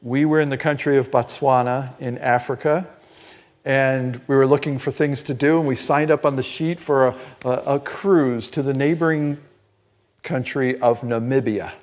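An older man preaching a sermon as pastor, telling personal stories in an animated, emphatic way. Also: medium pitch, moderate pace. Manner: storytelling, animated and emphatic, laughs at own stories. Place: church.

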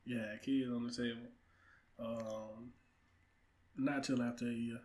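A man's voice: mid-range voice, little pitch movement, slow pace, a little mellow. A young man, a guest on a casual podcast, talking with confident, playful bravado about family and coaching. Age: young adult. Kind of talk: casual chat.

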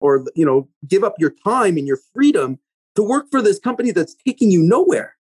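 A man's voice: high voice, very animated, fairly quick, darkish tone, breathy edge, no room sound. A man talking about managing and keeping young workers in a casual podcast conversation, emphatic and coaching, often checking in with "right?".

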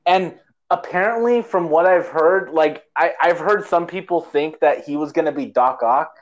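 A man's voice: on the high side, moderate pace, highs cut off. A man co-hosting a casual movie-review chat, rambling and sarcastic, with many restarts. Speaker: podcast co-host, movie reviewer.

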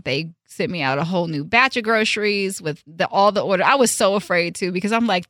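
A woman hosting her own show, telling a story in a casual, animated way and acting out the people in it. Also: mid-range voice, no room sound, clean studio sound. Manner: animated, emphatic, acts out quotes. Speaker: host. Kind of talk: storytime vlog, casual chat.

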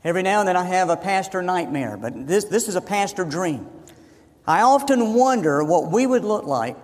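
A man's voice: sits high, big pitch swings, normal speed, in a large hall. A man, a pastor, preaching a sermon in an emphatic way, repeating phrases to drive his points home.

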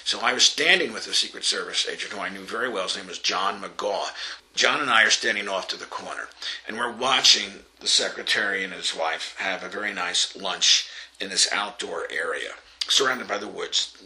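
A man's voice: low voice, normal speed, pushed and bright, poor audio. An older man from Long Island telling an anecdote in an interview, acting out the voices of the people in it and often laughing. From Long Island, New York. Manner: storytelling, acts out quoted voices, laughs often.

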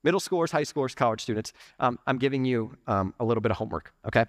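A young adult man preaching a conversational, animated sermon in church, peppering his talk with "like" and "okay". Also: medium pitch, quick pace, dry recording, studio quality. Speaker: pastor. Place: church sanctuary.

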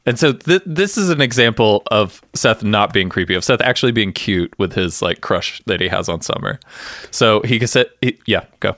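A man co-hosting a podcast, chatting casually and acting out TV scenes with quick voices. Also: fairly low pitch, dry recording, clean studio sound. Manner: animated, acts out scenes with voices. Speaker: podcast co-host. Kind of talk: casual chat recapping a TV episode.

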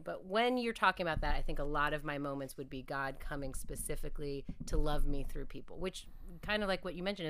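A woman's voice: deep voice, fairly bright tone, clean tone. A woman speaking as a podcast guest, telling reflective, earnest stories about her faith in a conversational interview.

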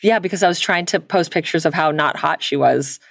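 A woman's voice: low voice, fairly quick, vocal fry, dry recording, studio quality. A woman co-hosting a podcast in casual, profane chat, laughing often and calling her co-host "girl.".

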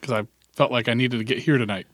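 A man's voice: medium pitch, steady tone, fast talker, fairly bright tone, no echo. A man with a middling voice vents about his car and bad drivers, joking at his own expense. The sound is dry and close. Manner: ranting, self-mocking, laughing. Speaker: podcast co-host. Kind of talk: casual chat.

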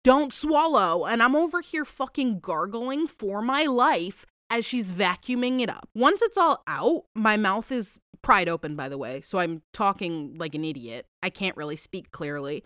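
A woman podcast host chatting casually from home, her pitch swinging up and down as she rambles through a story. She swears freely and talks in an animated, offhand way. The sound is dry and close, with no room echo.

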